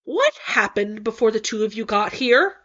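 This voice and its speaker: A woman's voice: on the high side, very animated, normal speed, sharp tone, full character voice. An exasperated young woman speaks sternly and wearily, voiced by a woman reading a storybook. The recording sounds dull and lo-fi. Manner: stern, weary.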